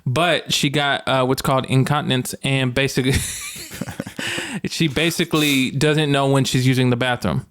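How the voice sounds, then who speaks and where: A man's voice: medium pitch, measured pace, a little hiss or hum. A young man co-hosting a podcast, casually telling a rambling story with lots of fillers and easy laughs. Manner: relaxed, rambling, many likes and ums, laughs often. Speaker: podcast co-host.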